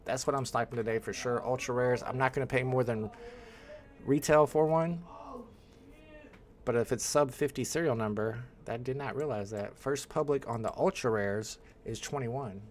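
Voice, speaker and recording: A man's voice: mid-range voice, moderate pace, slight background noise. A man hosting a casual livestream from home, rambling and thinking aloud as he greets people in the chat. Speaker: livestream host.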